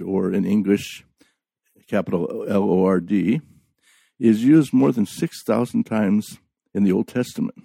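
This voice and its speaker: A man delivering a sermon in a slow, deliberate way, stressing key words. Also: fairly low pitch, mellow, no echo. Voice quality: gravelly. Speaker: preacher.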